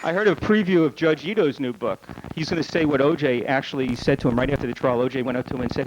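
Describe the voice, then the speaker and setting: A man doing a stand-up comedy set on a club stage, firing off rapid one-liners with deadpan punchlines, recorded live on a noisy old camcorder tape. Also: mid-range voice.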